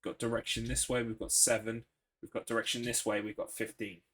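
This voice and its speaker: A man's voice: medium pitch, level tone, fast talker, a bit bright, husky. Chatty Englishman streaming a game. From England. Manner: chatty, swears, reads chat aloud and answers it. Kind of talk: casual gaming commentary.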